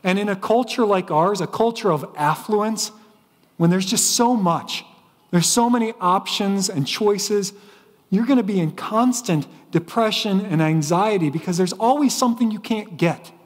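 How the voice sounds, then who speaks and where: A man's voice: sits high, normal speed, long reverb tail. A man preaching a sermon as pastor, telling stories with frequent restarts. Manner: storytelling preacher with repeated restarts. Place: church sanctuary.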